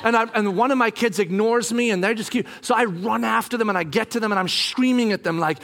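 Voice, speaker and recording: Middle-aged male pastor, very high voice, bright and forceful, lively storytelling. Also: fast, vocal fry, few pauses. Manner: animated, acts out scenes, bursts into shouting. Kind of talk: sermon storytelling.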